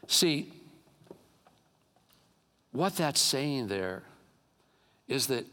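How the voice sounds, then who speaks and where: Animated preaching man in a reverberant hall. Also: a little slow, pauses often. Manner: animated storytelling preacher, swings from low asides to loud exclamations. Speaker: pastor. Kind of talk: sermon.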